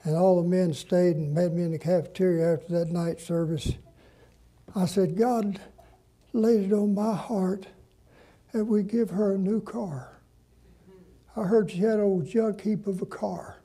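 Older man, pastor, folksy storytelling sermon, husky voice pitched high. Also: fairly even intonation, dark tone. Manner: folksy, drawn-out preaching with dramatic pauses.

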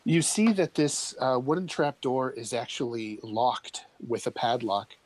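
A man narrates a tabletop game as its game master. His voice sits in an ordinary middle pitch, and he describes each scene with easy, relaxed humor, calling for rolls between descriptions. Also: measured pace, no echo, poor audio.

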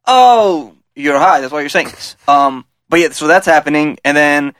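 A man's voice: on the high side, fairly even intonation, moderate pace, sharp tone, smooth, no echo. A young man from the San Francisco Bay Area telling a work story in casual, rambling chat, acting out the dialogue with lots of "like". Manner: rambling, acts out quoted dialogue with filler "like".

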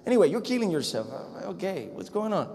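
A man's voice: sits high, sing-song, fast. Male preacher in a reverberant hall. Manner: conversational, dramatic swings between loud and hushed. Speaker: pastor. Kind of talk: sermon storytelling. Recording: long echo of a large hall.

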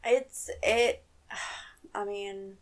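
A woman's voice: mid-range voice, fairly even intonation, very slow. A woman co-hosting a true crime podcast, reacting to the story with shocked remarks and swearing. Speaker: podcast co-host.

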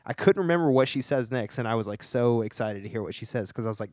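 A man's voice: medium pitch, expressive, fast talker, a little mellow, no echo, clean studio sound. A man from Tennessee in casual conversation about a movie, enthusiastic and often laughing as he talks. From Chattanooga, Tennessee.

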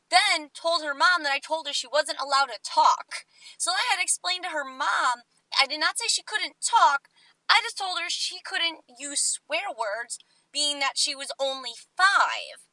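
A woman in her twenties telling a story on her vlog, chatty and animated, acting out what people said. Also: high-pitched, normal speed, dry recording, low-quality recording. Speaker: vlogger.

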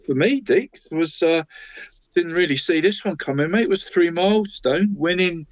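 This man sits in as co-host of a local football programme, chatting casually through the weekend's scores and tossing "mate" at his co-host constantly. His voice is on the high side with lively intonation and a normal speed, and the recording is dry, dull and lo-fi.

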